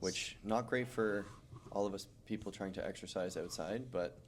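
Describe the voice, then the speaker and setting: A man's voice: low-pitched, normal speed, slight background noise. A man, a chiropractor co-hosting a casual podcast chat.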